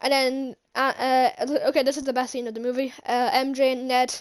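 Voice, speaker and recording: A woman giving an excited, rambling movie recap as a vlogger, gushing, with lots of fillers and restarts. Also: high voice, brisk.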